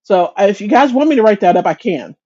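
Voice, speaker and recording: A woman's voice: mid-range voice, expressive, fast talker, a little mellow, lo-fi sound. A woman hosting a casual crochet chat livestream, greeting viewers by name, chatty and self-deprecating, often restarting her sentences. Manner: frequent restarts and stumbles.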